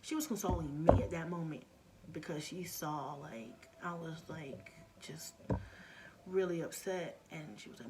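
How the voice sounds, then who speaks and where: A woman's voice: deep voice, unhurried, background noise. A middle-aged woman vlogger telling a story in a casual, earnest way, often dropping to a near-whisper.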